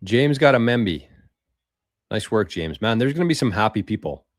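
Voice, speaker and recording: A man hosting a casual livestream, reading viewer comments aloud in a loose, swearing, chatty way with quick laughs. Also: fairly low pitch, animated, dry recording, clean studio sound. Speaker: livestream host.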